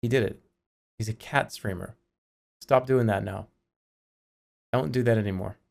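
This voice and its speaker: A man's voice: lowish voice, normal speed, gravelly. A man in his forties chatting casually on a live stream, joking and often laughing. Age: 40s. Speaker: livestreamer.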